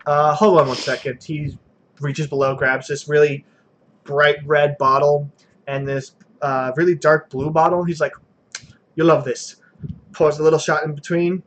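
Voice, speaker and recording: A man's voice: fairly high pitch, level tone, normal speed, a bit bright, slight background noise. A man narrating a tabletop game as game master, loose and chatty, with filler words.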